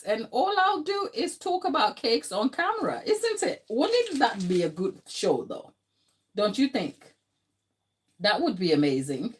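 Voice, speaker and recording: Young woman baker on a live stream, slow easygoing talk, chatty, laughs a lot, bit tired. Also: fairly high pitch, big pitch swings. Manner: chatty and emotional, laughing often, talking to the chat. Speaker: baker hosting a livestream. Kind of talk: live baking tutorial chat.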